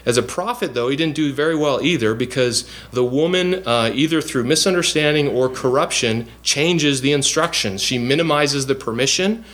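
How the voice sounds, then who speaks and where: Speaking at a normal speed with hardly any pauses, a man with a mid-range, fairly bright voice preaches a bible lesson. His earnest explanation of scripture is peppered with fillers and restarts, typical of a teaching sermon.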